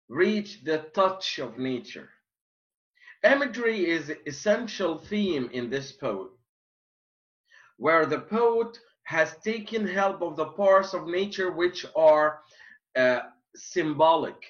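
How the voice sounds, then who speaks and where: A man teaching a poetry lesson, explaining slowly and repeating himself, with many fillers and restarts. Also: a little high, dull audio. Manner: slow, repetitive explaining with frequent fillers and restarts. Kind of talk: classroom lecture.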